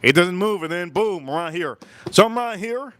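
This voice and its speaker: A man hosting a livestream, telling a story in an animated, emphatic way and repeating phrases for effect. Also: sits high, normal speed, no room sound. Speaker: livestream host. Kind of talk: live-stream storytelling chat.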